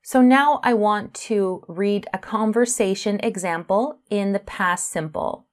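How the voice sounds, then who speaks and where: A woman teaching a beginner English grammar lesson, speaking slowly and carefully, spelling out letters and stressing words for clarity. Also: medium pitch.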